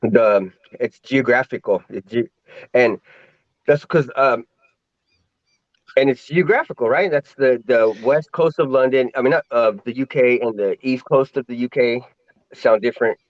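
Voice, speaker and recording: A man's voice: mid-range voice, no echo. Rambling American man, mid-range voice. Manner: rambling, halting restarts. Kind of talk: casual chat. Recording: dull dry lo-fi audio.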